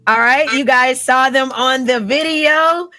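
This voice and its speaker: A woman's voice: high voice, measured pace, sharp tone, dry recording, faint music behind. A young adult woman hosting a casual live podcast, upbeat and teasing, laughing often. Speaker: podcast host.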